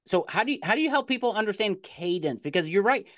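A middle-aged man hosting a sales podcast interview in a casual, excitable way, often repeating words as he gets going. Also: high-pitched, fast talker, no room sound. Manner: animated, laughs easily, repeats words when excited. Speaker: podcast host.

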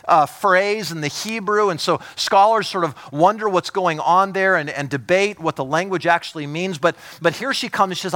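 A man's voice: high-pitched, normal speed, hardly any pauses. Emphatic man preaching a sermon. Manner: emphatic, swinging from loud urgency to hushed intimacy; repeats words and restarts when fired up. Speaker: pastor.

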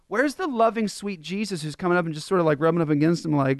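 A man co-hosting a casual Christian podcast discussion, animated and mocking when he quotes others. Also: a little high, fast talker, hardly any pauses, no echo, clean studio sound. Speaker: co-host.

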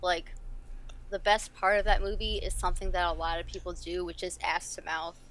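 A woman's voice: lowish voice, steady tone, a little fast, fairly bright tone, a little hiss or hum. A woman co-hosting a casual gaming podcast, blunt and profane with a joking manner. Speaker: podcast co-host. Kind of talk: casual chat.

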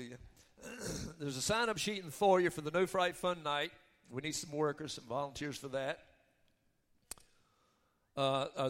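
Male pastor, higher voice, sermon delivery with loud emphatic peaks, echoing sanctuary. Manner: builds from chatty announcements to shouted emphasis. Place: church sanctuary. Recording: long reverb of a church hall.

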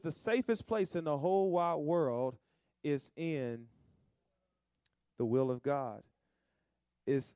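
A man preaching a sermon in a call-and-response style, moving between soft asides and loud, stretched-out emphasis. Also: a little high, clean tone, no echo, clean studio sound.

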